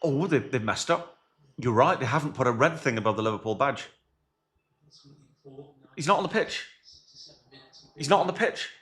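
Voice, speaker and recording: A middle-aged man co-hosting a football reaction, mixing excitable, jokey play-by-play with casual banter. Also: mid-range voice, moderate pace, pauses often. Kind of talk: casual live-reaction commentary.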